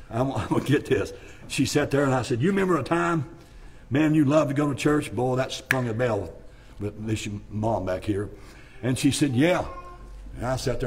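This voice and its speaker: Husky preacher with a drawl. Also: male voice, mid-range voice. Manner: rambling, folksy, repeats "my friend" and "bless God". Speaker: pastor. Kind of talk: fervent revival sermon. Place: church sanctuary.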